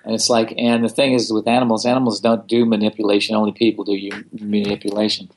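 A man telling stories in a relaxed interview, blunt and animated, with a casual, profane way of talking. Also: lowish voice, quick pace. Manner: blunt, animated, swears freely. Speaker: guest, founder of a self-help organization. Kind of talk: casual storytelling in conversation.

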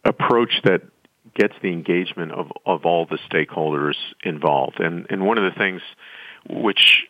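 Very low-voiced man, measured interview guest. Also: no echo, phone-quality sound. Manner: measured, thoughtful, with frequent restarts. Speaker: nonprofit chief executive, guest. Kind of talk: interview answers.

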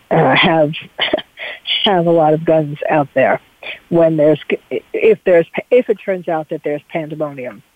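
A woman with a New York accent chats through advice on her radio show, pausing on ums and restarting lines. Her voice comes through thin and tinny, like a phone line, with no room sound. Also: on the low side, no room sound. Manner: chatty, hesitant with many ums and restarts. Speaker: radio show host, psychologist. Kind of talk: casual advice talk.

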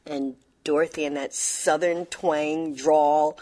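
A woman, a guest actress, telling an interview anecdote with animated, laughing storytelling. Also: low-pitched, slow.

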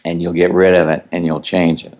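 A man's voice: deep voice, flat delivery, fairly quick, a little mellow. A man co-hosting, giving instructive advice with wry asides in a casual chat. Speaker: co-host.

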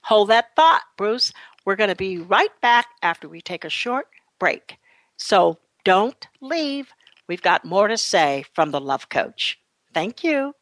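A middle-aged woman hosting a radio talk show, musing and rambling before rising into animated questions. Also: mid-range voice, takes it slowly, no room sound. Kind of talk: casual radio chat.

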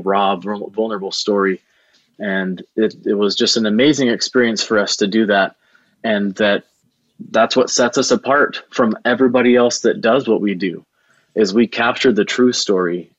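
A man's voice: on the low side, no echo, muffled recording. A man who runs a video production business, telling a long story in an interview with an earnest, rambling manner and many restarts.

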